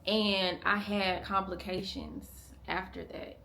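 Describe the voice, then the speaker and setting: A young woman talking candidly to her vlog camera. She speaks in a halting way, with many "like" fillers and restarts, at times hushed and strained. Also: medium pitch, little pitch movement, creaky, a little hiss or hum. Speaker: family vlogger. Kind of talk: candid confessional vlog talk.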